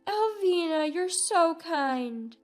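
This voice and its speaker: A woman voicing a harsh, bossy older mother who scolds loudly in a shrill voice. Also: lively intonation, takes it slowly, faint music behind, heavily acted. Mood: fawning.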